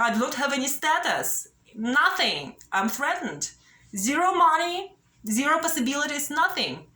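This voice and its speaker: High, bright-voiced young woman, anxious. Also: roomy sound. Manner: anxious, pleading, tags sentences with "yeah?". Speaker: vlogger. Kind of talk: direct-to-camera personal appeal.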